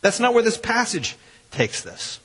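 A man, a pastor preaching a sermon in a church in a lively, conversational way with quoted asides. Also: sits high, a little slow, breathy edge. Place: church sanctuary. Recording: long hall reverb.

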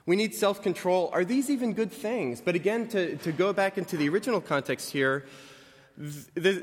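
Thirties pastor preaching casual, kinda high voice, jokes around, big church reverb. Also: male voice. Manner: conversational, self-correcting, lightly joking. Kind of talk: sermon. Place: church sanctuary.

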